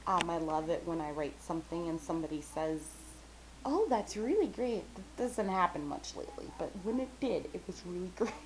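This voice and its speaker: A young adult woman vlogs casually in a low-pitched, fairly quick voice with hardly any pauses, and the rough recording has a little hiss or hum. She's chatty and talkative, rambling with lots of fillers, running herself down, sometimes mumbling, and quoting friends in bright, squealy voices.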